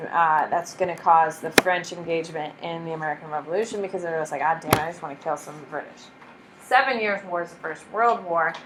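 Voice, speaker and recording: A woman's voice: on the low side, fairly bright tone, slight background noise, rough recording. A young woman teacher giving a casual, blunt and jokey history lecture to a classroom.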